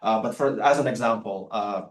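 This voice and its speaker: Halting male lecturer in a roomy hall. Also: fairly low pitch, a little hiss or hum. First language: Latvian. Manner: halting, many fillers and restarts. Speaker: academic lecturer. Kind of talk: public lecture with poetry readings. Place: lecture room.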